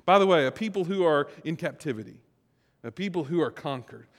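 Man, pastor, conversational sermon, slightly high voice, hushed to emphatic, long reverb. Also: expressive, brisk. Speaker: preacher.

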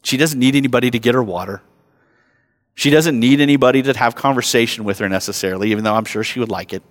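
A man in his thirties preaching a sermon as a pastor, conversational and self-mocking, telling stories and rising loud when he acts them out. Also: medium pitch, fast talker. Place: church sanctuary. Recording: long hall reverb.

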